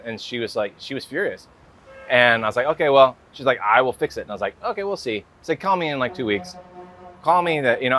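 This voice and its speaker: A man's voice: medium pitch, sharp tone. An American man in an interview, talking casually and rambling with lots of filler words. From United States. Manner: rambling, full of "like" and "you know" fillers. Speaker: guest artist.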